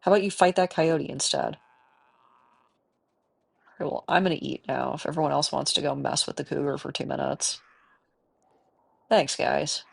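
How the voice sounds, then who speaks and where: A woman's voice: deep voice, steady tone, moderate pace, vocal fry, long pauses, breathy edge. A woman from the Midwest with a cold, chatting casually and rambling while she plays a game, talking to the animals on screen. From American Midwest. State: has a cold. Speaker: gaming streamer. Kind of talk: casual gameplay chat.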